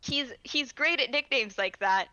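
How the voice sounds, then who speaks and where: A woman's voice: on the high side, a little slow, pushed and bright, dry recording, lo-fi sound. A woman in casual stream chat, talking in a chatty, encouraging way with many fillers. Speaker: voice actor guest.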